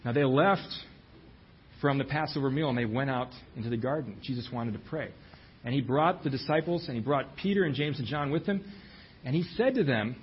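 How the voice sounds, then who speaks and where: A man's voice: medium pitch, fairly quick, highs cut off, slight background noise. Man preaching a storytelling sermon. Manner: storytelling, voices the quoted lines with dramatic shifts.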